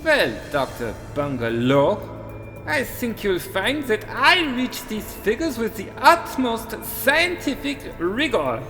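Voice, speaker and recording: Man doing a high, bright put-on Swiss surgeon, slow and lofty, reverb on the voice. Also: very animated, soft background music, exaggerated voice. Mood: formal. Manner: stiff and formal, then petty mockery. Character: pompous Swiss male surgeon with a heavy accent.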